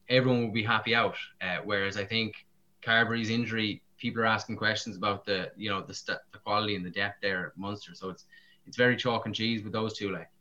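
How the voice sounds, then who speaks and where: A man's voice: fairly low pitch, sharp tone. A man chatting casually about rugby, with lots of fillers. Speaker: podcast co-host. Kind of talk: casual sports chat. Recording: dull lo-fi sound.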